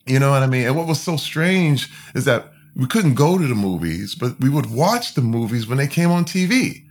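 A man from Flint, Michigan, talks at an ordinary middle pitch as a podcast guest. His delivery is candid and emphatic. He often circles back, restarts his sentences and leans on fillers while he tells his story. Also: sing-song, moderate pace. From Flint, Michigan, USA.

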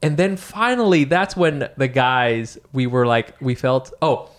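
A man's voice: medium pitch, a little slow. A young man co-hosting a casual chat, joking and swearing freely as he tells stories.

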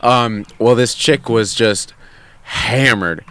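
A young man telling a story in casual chat, in a relaxed, wry way. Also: mid-range voice, slow, smooth. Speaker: podcast co-host.

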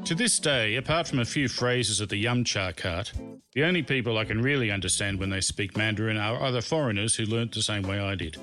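A middle-aged man with a lowish, sharp-toned voice reads from his own humorous memoir over background music, delivering it with dry, self-mocking wit.

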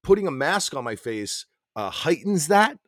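A man's voice: fairly high pitch, sing-song, normal speed, a bit bright, no echo, clean studio sound. A man co-hosting a casual podcast with his wife, talking bluntly with plenty of swearing and restarting his sentences as he goes. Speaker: podcast co-host. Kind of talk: casual chat between spouses.

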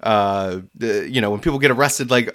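A man's voice: lowish voice, moderate pace, raised voice, a little hiss or hum. A man casually telling a story about a delivery, laughing often and acting out the people he quotes. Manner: animated, laughs often, acts out voices in quotes.

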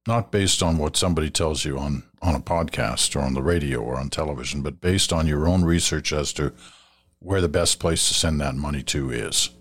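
Working through listener mail on a radio feedback segment, this very deep-voiced male host offers conversational commentary. His tone is measured and advising, broken now and then by fillers and restarted phrases.

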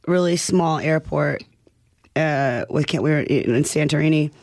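A man in casual chat, chiming in with quick jokes and short stories. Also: on the high side, a little mellow, no echo, clean studio sound. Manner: quick, joking interjections.

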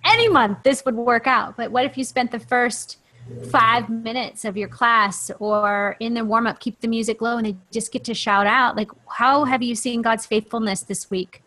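A woman hosting a faith-based podcast, telling stories in an impassioned, animated way. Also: fairly high pitch, normal speed. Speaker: podcast host.

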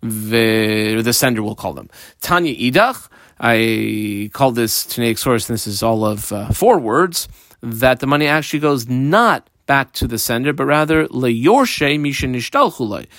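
A man's voice: medium pitch, a bit bright. A man walks his listeners through a Talmud page line by line, his voice rising and falling with real animation. He plays out the characters with modern examples and keeps a playful tone. The sound is dry and close, with no room echo. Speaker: Talmud teacher.

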